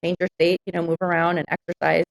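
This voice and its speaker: A woman's voice: on the low side, little pitch movement, fast, creaky, rough recording. A woman business owner telling candid stories in an interview, frank and reflective with many fillers.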